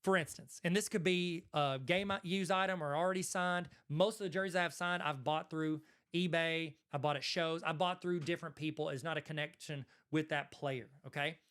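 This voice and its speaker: Southern male host, slightly high pitch, casual and rambling. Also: steady tone, moderate pace, few pauses, fairly bright tone, smooth. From Arkansas, USA. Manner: conversational, rambling, self-correcting asides. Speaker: host, card collector. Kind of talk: casual talking-head commentary.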